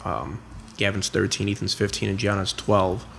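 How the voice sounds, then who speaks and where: Gravelly-voiced man telling a story. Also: lowish voice, fairly even intonation, normal speed, a bit bright, a little hiss or hum. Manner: rambling, many fillers and restarts. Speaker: guest, real estate investor. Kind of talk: casual interview storytelling.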